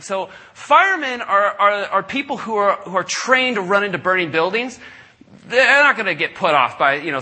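A middle-aged man preaching, telling a story with lively asides and acting out the people in it. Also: sits high, husky. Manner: animated, acts out callers in raised voices. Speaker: pastor. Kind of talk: sermon storytelling. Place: church service.

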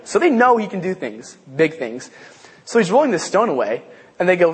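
A man giving a casual Bible lesson, halting and repeating himself with many fillers. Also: high voice, very animated, breathy edge. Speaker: Bible study teacher. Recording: long hall reverb.

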